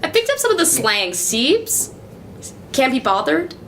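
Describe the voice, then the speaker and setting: A woman's voice: high-pitched, sing-song, a little slow, a bit bright, slight background noise, heavily acted. An actress playing a chatty young American woman from New Mexico, full of fillers and laughing asides, on a small live stage. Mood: amused. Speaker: stage actor in verbatim theatre.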